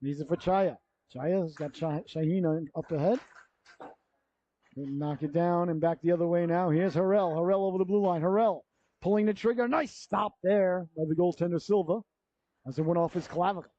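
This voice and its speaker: A man's voice: high voice, moderate pace, mellow. A man calling a youth hockey game play by play, chatty and rambling, full of side stories and self-corrections. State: yawning, running out of breath. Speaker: play-by-play commentator. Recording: dull, lo-fi local broadcast audio.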